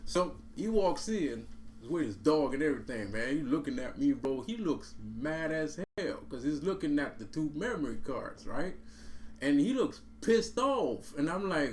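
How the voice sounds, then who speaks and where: A man's voice: on the high side, expressive, moderate pace, slight background noise. A man telling a story in a casual, profane, streetwise way, laughing often and saying bro and man. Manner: repeats and restarts words. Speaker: vlogger.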